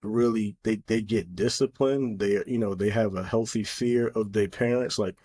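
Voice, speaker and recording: A man's voice: fairly low pitch, steady tone, normal speed, dark tone, slightly rough. A middle-aged man co-hosting a podcast, talking in an earnest, opinionated way with lots of fillers. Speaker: podcast co-host. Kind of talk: casual chat.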